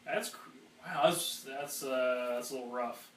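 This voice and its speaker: A man co-hosts a casual live podcast and adds brief, teasing comments. His voice sits at a middle pitch. The room around him is echoey, with a faint hum beneath it. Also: distant mic. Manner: quick teasing interjections. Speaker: co-host. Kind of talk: casual live-stream chat.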